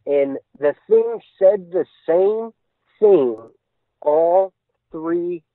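A fairly high-voiced man tells his story with earnest urgency, stringing moments together in long run-on chains. He comes through a thin, narrow phone line with a dry, close sound. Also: animated, very slow, no room sound. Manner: earnest, tumbling run-on retelling. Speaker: guest recounting an encounter. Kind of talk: casual storytelling.

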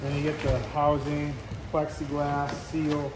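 A man casually talking through a car part install, excitable and blunt. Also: fairly high pitch, unhurried, long reverb tail, background noise. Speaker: car vlogger. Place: garage.

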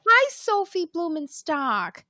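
A woman's voice: very high voice, sing-song, slow pace, pushed and bright, no echo, clean studio sound. A woman hosting a casual live-stream chat, chatting loosely and reading out viewer comments as they come in. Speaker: podcast host.

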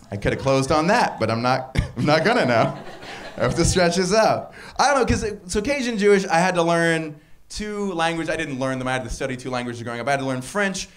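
A man performing a stand-up comedy set on a club stage, talking wryly and jumping his voice up for punchlines. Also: mid-range voice. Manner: wry and animated, voice jumps up for punchlines.

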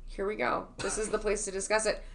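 Female co-host, bright tone, teasing and playful. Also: mid-range voice, completely flat delivery, fairly quick. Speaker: guest co-host. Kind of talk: casual chat.

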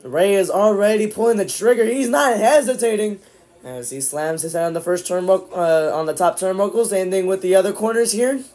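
A man streaming live, casually calling the action play-by-play, with sudden excited outbursts. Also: high-pitched, a little fast. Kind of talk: live watch-along commentary.

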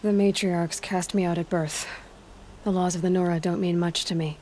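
A woman's voice: fairly low pitch, steady tone, moderate pace, a little mellow, slight background noise, close to an everyday voice. An actress voicing a young woman hunter in a game, an outcast and seeker who talks in a dry, skeptical way. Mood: firm. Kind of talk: game character dialogue.

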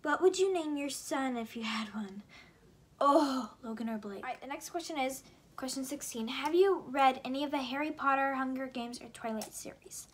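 Answering questions in a laid-back vlog, this young woman from Indiana, USA, chats and giggles with plenty of fillers. She speaks at a moderate pace in a high-pitched voice.

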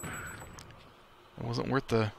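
A man's voice: medium pitch, level tone, extremely slow, creaky, slight background noise. A man hosting a let's play, giving casual gameplay commentary in a chatty way, reacting aloud to the game and laughing often.

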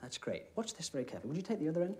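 A young British man performing comedy magic, chatting with a volunteer and dropping deadpan one-liners. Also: on the high side, rapid-fire. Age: young adult. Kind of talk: comic magic patter. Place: TV studio with live audience. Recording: studio audience noise behind.

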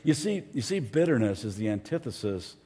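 A man preaching a sermon as pastor, animated, now and then mimicking angry voices for effect. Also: mid-range voice, brisk, in a large hall.

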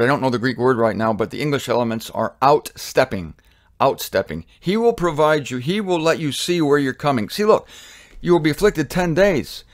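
A man leading a live Bible study, teaching in a conversational way, thinking aloud and breaking into sudden emphatic rises. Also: on the high side.

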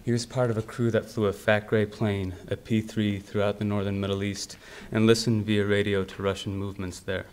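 A man with a somewhat low voice reads his own literary prose aloud at a university library event. His delivery is steady and measured, and he keeps the dialogue quiet and understated. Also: a little hiss or hum. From United States. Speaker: author reading his fiction.

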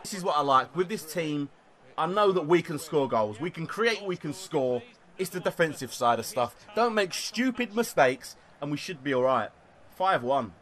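A young man talks over his football video game match, his voice running a little high and leaping up and down in pitch as he gets excited. He shouts when his team scores and swears at the misses, close to a desktop microphone. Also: normal speed. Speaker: gaming YouTuber. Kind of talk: gameplay commentary. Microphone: desktop USB microphone.

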